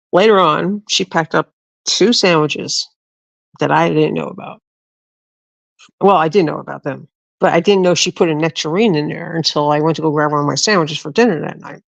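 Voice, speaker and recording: A woman's voice: deep voice, moderate pace, creaky, no room sound, poor audio. A middle-aged woman hosting a livestream, telling a rambling story casually to her viewers, swearing freely and often restarting her sentences. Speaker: livestream host.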